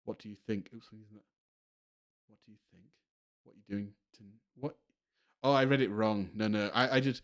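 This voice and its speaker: A man's voice: lowish voice, steady tone, moderate pace, long pauses. A man streaming a video game, commenting casually, rambling and laughing often over game music. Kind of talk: casual let's play commentary.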